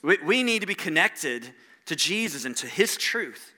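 A man's voice: on the high side, very animated, normal speed, pushed and bright. A middle-aged man preaching a sermon in a conversational way, putting rhetorical questions to the congregation. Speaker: pastor.

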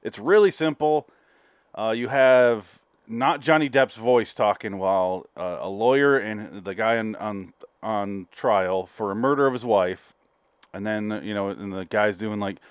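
A man's voice: fairly low pitch, moderate pace, clean tone, no room sound. A man co-hosting a casual comedy podcast, rambling and swearing as he retells a story. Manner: rambling, profane, retells scenes in put-on voices. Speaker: podcast co-host.

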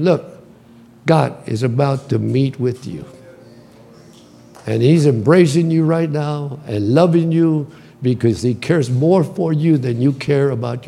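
A man's voice: fairly high pitch, vocal fry, dark tone. A male senior pastor preaching a passionate sermon in a church service, repeating his lines for emphasis and leading prayer. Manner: impassioned preaching, emphatic repetition. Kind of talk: sermon with altar call and prayer.

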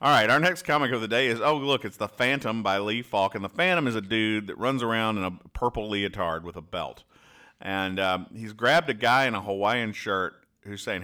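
Bright-toned man dryly explaining comics. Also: on the low side, clean tone. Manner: halting, with frequent "uh" and restarts, dryly explaining jokes. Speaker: podcast host reading comics aloud. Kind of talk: casual read-aloud commentary.

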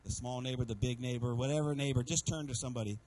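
A man's voice: mid-range voice, steady tone, fast, a little mellow, rough recording. A male pastor preaching a sermon to a congregation, calling for amens and acting out the voices he quotes. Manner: preaching with call-and-response asks to the congregation. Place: church sanctuary.

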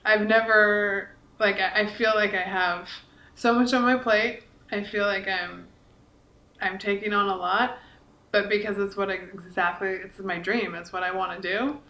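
A woman's voice: mid-range voice, steady tone, moderate pace, pushed and bright. Chatty woman in her 40s, earnest, says like a lot, roomy echo. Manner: chatty and earnest, many likes and restarts. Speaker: podcast co-host and author. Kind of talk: casual podcast conversation. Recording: echoey room.

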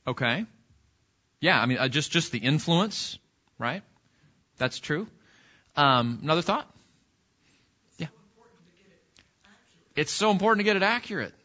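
A man's voice: a little high, expressive, a little slow, long pauses, pushed and bright, highs cut off. A man teaching an interactive Bible study lesson in a church classroom, putting questions to the class and often restarting his sentences. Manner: conversational, asks the class questions, frequent restarts.

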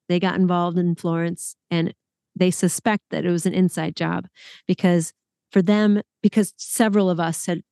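Woman podcast host, lively storyteller, close dry mic. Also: fairly low pitch, vocal fry, dry recording. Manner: animated storyteller, exclamations. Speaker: podcast host, former group leader. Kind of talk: casual podcast conversation.

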